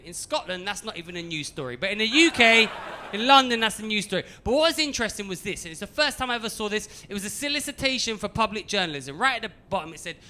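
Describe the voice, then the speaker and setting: A man doing a stand-up comedy routine on a club stage, animated, swinging from muttering to shouting. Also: sits high, slight background noise.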